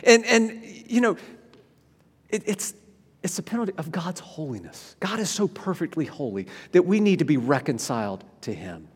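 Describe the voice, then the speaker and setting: Pastor, male, slightly high voice, animated sermon delivery with stumbles and restarts, long hall reverb. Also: normal speed, breathy edge. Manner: animated preaching with frequent restarts, rising loud then dropping quiet.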